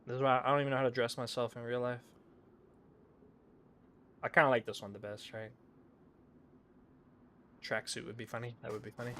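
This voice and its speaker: A man's voice: medium pitch, flat delivery, brisk, pauses often, sharp tone. A man streaming a role-play game, chatting casually in a rambling, self-deprecating way, often mumbling. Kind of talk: casual gaming chat. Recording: noisy background.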